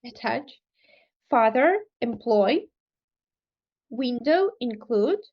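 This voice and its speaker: Woman student on a call saying words slowly, kinda high voice, muffled audio. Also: expressive. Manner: slow, careful repetition of words. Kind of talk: practicing pronunciation aloud. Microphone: video call. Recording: dull lo-fi video call audio.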